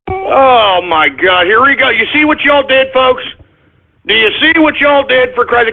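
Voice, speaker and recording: A man talking on live radio in an exasperated, rambling way, repeating himself, and at times yelling at his dog. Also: very high-pitched, expressive, unhurried, gravelly. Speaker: radio show talker. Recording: tinny phone line.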